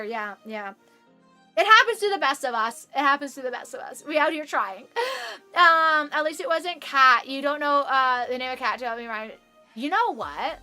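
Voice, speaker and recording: Bright-voiced rambling young woman streamer. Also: high voice. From Canada. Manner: rambling, self-deprecating, swears casually. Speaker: livestreamer. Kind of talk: casual chat with viewers while sewing.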